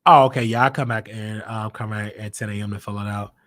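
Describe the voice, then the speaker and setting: A man's voice: lowish voice, steady tone, fast talker, fairly bright tone, dry recording. A man from Chicago hosting his own show, telling a personal story in a casual, emphatic way and repeating lines for effect. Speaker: show host.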